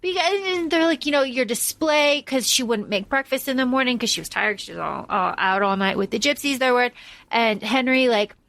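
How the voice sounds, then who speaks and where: A woman's voice: fairly high pitch, fairly quick, creaky, no echo. A woman co-hosting a casual podcast, talking bluntly and with some swearing, and telling a story with animation. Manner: blunt and profane, animated retelling. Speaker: podcast co-host. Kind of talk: casual chat.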